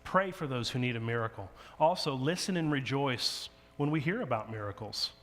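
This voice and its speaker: A man's voice: medium pitch, lively intonation, normal speed, a bit bright. A man preaching a sermon, animatedly telling a story and acting out the dialogue of its characters. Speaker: pastor. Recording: long hall reverb.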